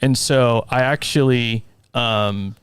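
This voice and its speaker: Chatty animated storyteller man, dry mic. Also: medium pitch, slow pace, smooth, no echo. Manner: animated storyteller who acts out voices and laughs often. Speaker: podcast guest, elementary school music teacher. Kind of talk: casual podcast chat.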